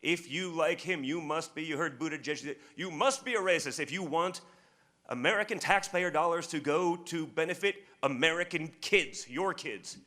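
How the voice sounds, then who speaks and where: A man's voice: a little high, moderate pace, pushed and bright. A man speaking at a political press conference. He tells a long, rambling anecdote and often repeats words as he starts sentences.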